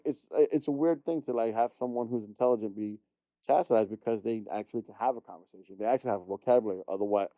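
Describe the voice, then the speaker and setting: Middle-aged male podcast host, quick blunt rant, warm dark tone, dry close sound. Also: lowish voice, dry recording, highs cut off. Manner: blunt, exasperated ranting with frequent swearing. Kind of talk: casual chat.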